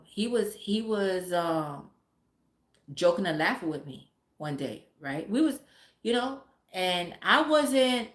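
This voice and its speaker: A woman in her forties, a mother, telling a family story in blunt, profane, filler-heavy casual talk. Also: on the low side. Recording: roomy echo.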